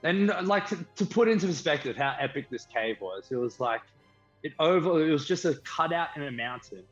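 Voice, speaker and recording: An Australian man, a band member guest, telling a story with lively enthusiasm. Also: fairly high pitch, fairly quick. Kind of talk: casual storytelling. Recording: slightly dull stream audio with faint music.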